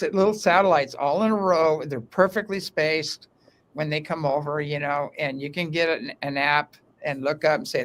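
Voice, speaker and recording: Male interview guest, higher-pitched, chatty and animated, restarts sentences often. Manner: animated, talkative storyteller with many restarts. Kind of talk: casual interview talk. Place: underground room.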